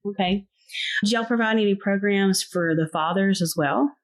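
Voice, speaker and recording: A woman's voice: medium pitch, moderate pace. Chatty woman podcast host. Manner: chatty, encouraging, many "like" and "yeah". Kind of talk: casual interview chat.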